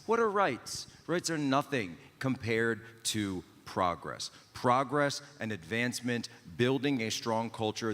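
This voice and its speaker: A man voicing a boastful, contemptuous male Chinese Communist official in a put-on Chinese accent, haranguing with slow emphatic insults. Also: fairly low pitch, a bit bright, long reverb tail. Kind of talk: improvised comic impression on a panel.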